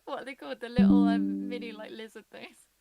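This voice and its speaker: A woman's voice: on the high side, steady tone, brisk, gravelly, dark tone, no room sound, faint music behind. A woman playing in a tabletop game, laughing and searching for words. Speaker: player.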